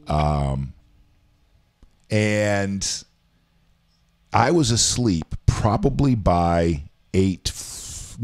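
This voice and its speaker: A man's voice: on the low side, a little mellow. Guy hosting a chatty show from home, rambles, reads news and adds his two cents. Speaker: show co-host. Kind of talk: casual talk show chat.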